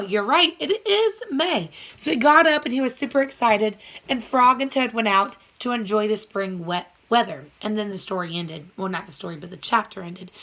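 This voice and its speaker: A woman's voice: a little high, pushed and bright. A young woman teaching first grade by video, upbeat and playful, asking the children questions as she reviews a storybook. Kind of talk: video reading lesson for children.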